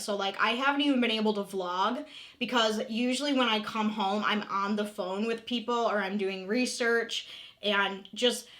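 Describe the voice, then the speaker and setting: A woman's voice: medium pitch, sharp tone. A woman in her thirties talking candidly in a casual confessional vlog, emotional and open, swearing freely and filling her talk with "like". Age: 30s. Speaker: vlogger.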